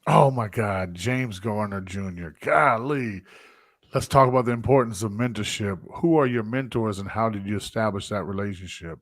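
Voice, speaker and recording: A man hosting a live stream, reading viewer comments and giving excitable, effusive shout-outs. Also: on the low side, normal speed, dry recording, studio quality. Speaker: host.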